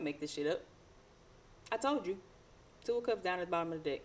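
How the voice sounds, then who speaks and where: A woman with a low voice gives a loose, slangy tarot reading, full of profanity and rambling asides. She laughs often as she goes. A faint hiss of noise sits behind her. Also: animated, quick pace. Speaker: tarot reader.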